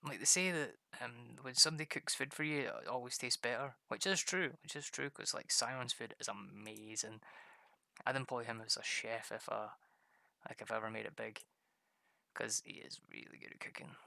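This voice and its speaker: A man's voice: mid-range voice, steady tone, moderate pace, gravelly, bright, forceful tone, dry recording, studio quality. A man, chatting casually on a stream, laughing often and mimicking people. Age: 30s.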